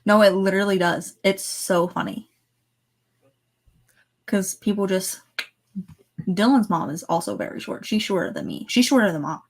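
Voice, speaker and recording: A woman co-hosting a casual podcast chat, talkative and quick to laugh while telling stories. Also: medium pitch, very animated. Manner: chatty, laughs easily, tells stories. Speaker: podcast co-host.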